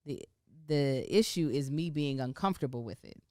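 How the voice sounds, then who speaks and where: A woman's voice: sits low, normal speed, darkish tone, no echo, studio quality. A woman in her thirties co-hosting a podcast, talking candidly and reflectively about parenting with frequent laughs. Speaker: podcast co-host. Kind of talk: casual chat.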